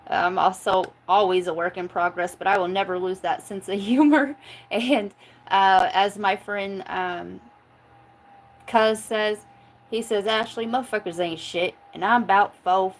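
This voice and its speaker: A woman's voice: mid-range voice, a little hiss or hum, poor audio. A chatty woman from Oklahoma hosting a live tarot stream. She talks in a loose, casual way, swears freely, cracks jokes and breaks into laughter often. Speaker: tarot reader reading live chat. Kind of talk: casual livestream chat.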